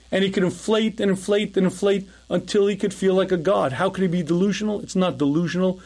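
High-voiced man giving a conversational lecture. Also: fairly even intonation, fast, few pauses, darkish tone. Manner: frequent throat clearing, conversational storytelling. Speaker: rabbi teaching a lecture. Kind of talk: recorded lecture with storytelling.

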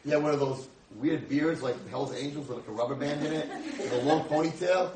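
A rabbi in his sixties gives a humorous storytelling lecture, acting out the dialogue in a slightly high, fairly quick voice while a crowd is audible behind him. The recording sounds distant, with an echoey room and faint hiss.

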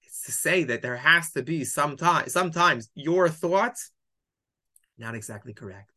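Teacher, bright clear voice, walks through verses, keeps asking "why?" then answering. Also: medium pitch, expressive, unhurried. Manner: explanatory, poses rhetorical questions, reads Hebrew verses aloud. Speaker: Bible teacher. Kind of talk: weekly text-study lesson.

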